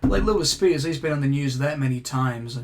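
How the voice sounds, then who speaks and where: A man's voice: medium pitch, animated, a little fast, a little mellow. A young man co-hosting a podcast in a loose, casual chat. His voice sits in an ordinary middle range. He rambles, leaning on "you know" and "like". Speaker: podcast co-host.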